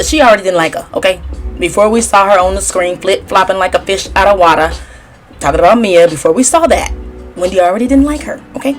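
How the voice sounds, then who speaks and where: Sassy chatty woman recapping gossip. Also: on the low side. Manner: chatty and sassy, mimics cast members in a raised voice. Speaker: tarot reader and reality TV recapper. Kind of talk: casual gossip commentary.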